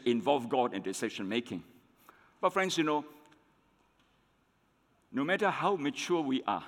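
A man's voice: medium pitch, fairly bright tone, in a large hall. A man preaching a sermon to his congregation, calling them friends, repeating his points and ending many lines with "isn't it?". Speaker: pastor.

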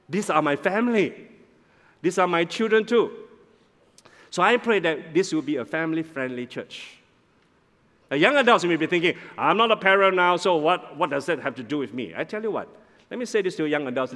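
A man preaching as the senior pastor of a church, animated, often repeating words and asking "all right?" as he goes. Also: medium pitch. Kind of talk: sermon. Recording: long reverb of a large hall.

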